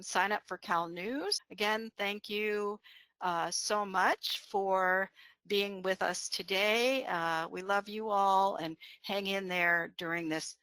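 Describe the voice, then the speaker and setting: A woman's voice: medium pitch, bright, forceful tone, smooth, no room sound. A woman presenting an online teaching session, explaining patiently with many fillers and "right?" check-ins. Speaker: webinar presenter on bilingual education.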